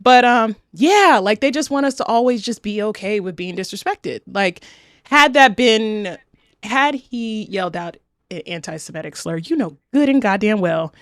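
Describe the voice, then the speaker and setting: A woman talks bluntly and with animation, swearing freely as she co-hosts a podcast. Her voice sits mid-pitched. The sound is dry and close to the mic. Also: lively intonation, moderate pace, no room sound. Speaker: podcast co-host. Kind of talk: casual chat.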